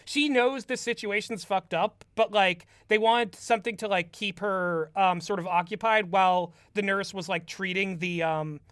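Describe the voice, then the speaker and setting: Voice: medium pitch, moderate pace, hardly any pauses, fairly bright tone, smooth, dry recording. Rambling podcaster recapping a movie. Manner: rambling, heavy use of "like", amused. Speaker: podcast co-host.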